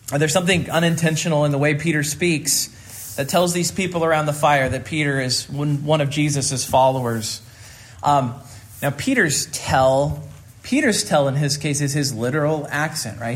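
A man's voice: a little high, fairly bright tone. A man from rural Kansas preaching a sermon as pastor, earnest and repeating phrases for emphasis.

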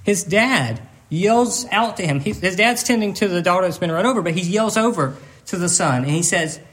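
Male pastor, earnest sermon delivery, high-pitched voice, halting with repeated words, emotional and close to tears. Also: animated, fairly bright tone.

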